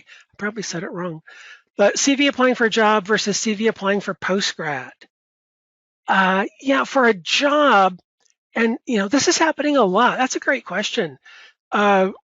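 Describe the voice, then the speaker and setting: A high-pitched man gives advice as a professor in a webinar Q&A, talking casually and correcting himself often. The sound is dry, with no room echo, and slightly muffled, as over a video call. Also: a bit bright. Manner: conversational, with many fillers and self-corrections.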